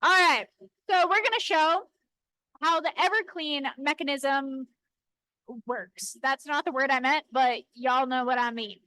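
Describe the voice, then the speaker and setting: A woman's voice: high voice, unhurried, pushed and bright, dry recording, poor audio. A woman filming with a handheld camera in an indoor workshop, chatting playfully and correcting herself as she shows off cut stones by a rock saw. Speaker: lapidary shop co-host filming. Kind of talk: casual chat while demonstrating.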